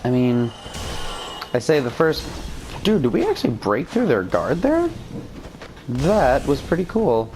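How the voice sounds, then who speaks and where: A woman with a very deep voice giving rambling, self-deprecating let's-play commentary as she plays. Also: huge pitch swings, a little slow, long pauses, noisy background. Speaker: game streamer.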